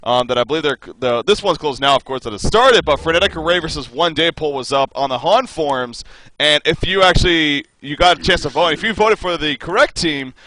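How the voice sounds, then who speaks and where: A man's voice: fairly high pitch, fairly quick, pushed and bright, low-quality recording. A man co-casting an esports match over a voice call, chatting enthusiastically and restarting his phrases as he goes. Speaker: esports co-caster. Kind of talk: esports color commentary.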